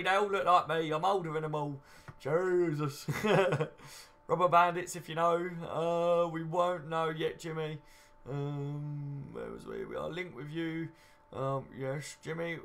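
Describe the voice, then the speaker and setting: A man in his thirties with a slightly high voice, chatting on a live stream. He rambles casually through viewer comments, filling the gaps with ums and "you know what I mean". He sounds relaxed and conversational.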